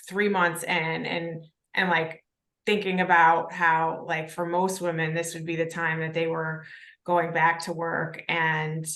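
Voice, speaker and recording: Bright-voiced woman in an echoey room. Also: deep voice, creaky. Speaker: podcast co-host. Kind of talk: casual conversation.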